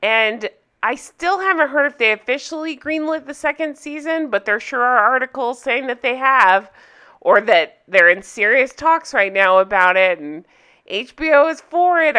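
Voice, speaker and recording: A woman's voice: a little high, expressive, moderate pace, sharp tone, clean tone. A woman hosting a casual commentary vlog, ranting bluntly and swearing freely, with a sarcastic edge. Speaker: YouTube commentary host.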